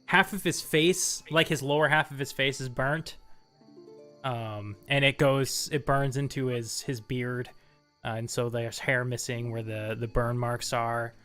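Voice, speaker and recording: A man running a tabletop game as game master, narrating loosely with frequent pauses and fillers. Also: medium pitch, fairly even intonation, a bit bright, clean tone, faint music behind. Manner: loose, hesitant, with many fillers.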